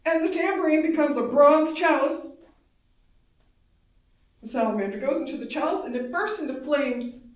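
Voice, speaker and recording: A woman giving an intense, emotional live reading of first-person dream monologues, moving between hushed and loud. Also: sits high, expressive, moderate pace, pauses often. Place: darkened live performance space. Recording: very echoey hall, voice from far off.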